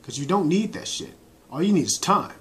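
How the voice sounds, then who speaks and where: A man's voice: fairly high pitch, expressive, a little fast. A man vlogging to his laptop webcam in a dim room, ranting casually about training with blunt slang and constant swearing. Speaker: bodybuilder vlogger. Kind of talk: casual profane rant to camera. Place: indoor room lit by laptop and corner lamp.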